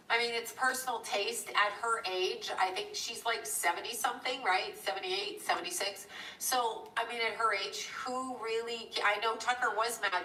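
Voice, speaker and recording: A woman's voice: medium pitch, pushed and bright, a little hiss or hum. A middle-aged woman hosting a live stream, telling a rambling story in a chatty, digressive way and breaking off to thank viewers. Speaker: livestream host. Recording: echoey room, a bit far from the mic.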